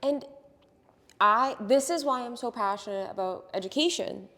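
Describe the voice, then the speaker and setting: A woman's voice: fairly high pitch, expressive, moderate pace, bright, forceful tone. Woman health coach, earnest, explains step by step, reverberant room. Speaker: women's health coach, guest. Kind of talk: casual interview chat.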